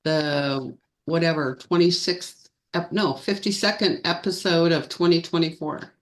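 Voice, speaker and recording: A woman co-hosts a casual live-streamed chat, with a lowish voice and an unhurried pace. She wanders through her points with fillers and self-corrections, in an easygoing way. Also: steady tone, slight background noise. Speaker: co-host of a feng shui live show.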